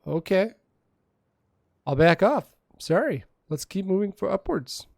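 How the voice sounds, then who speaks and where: A man's voice: sits high, lively intonation, measured pace, creaky, darkish tone, dry recording. A man streaming a game, casually reading its dialogue aloud and joking with viewers between lines, on a close desk mic at home. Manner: casual, joking, reads text aloud with asides.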